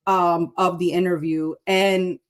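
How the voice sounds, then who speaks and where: A woman co-hosting a casual political chat, giving her opinions in an earnest, fast-flowing way. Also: lowish voice, level tone. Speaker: co-host.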